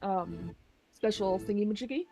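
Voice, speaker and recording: A woman playing in a tabletop game, hesitant and filling pauses with ums as she searches for words. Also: mid-range voice, creaky, mellow. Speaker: player. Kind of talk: casual play at the table.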